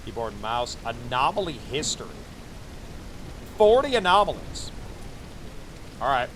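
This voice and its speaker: A man's voice: mid-range voice, sing-song, a little slow, a bit bright, a little hiss or hum. A man streaming a game, chatting and joking to his viewers as he plays. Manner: joking, chatty, talks to himself while playing. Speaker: VTuber streamer. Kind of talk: casual gaming commentary to chat.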